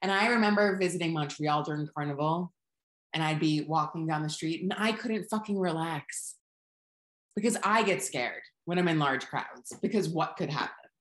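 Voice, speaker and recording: Brief: frank, swearing co-host, low voice, roomy echo. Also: female voice, normal speed. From Long Island, New York. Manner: blunt, frank, swears casually. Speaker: podcast co-host. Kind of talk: casual podcast chat. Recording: echoey room.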